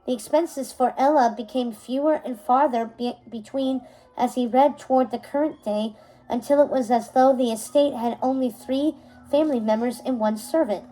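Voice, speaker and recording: A woman reading a novel aloud as narrator, steady and unhurried, now and then correcting a word. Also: high-pitched, low-quality recording.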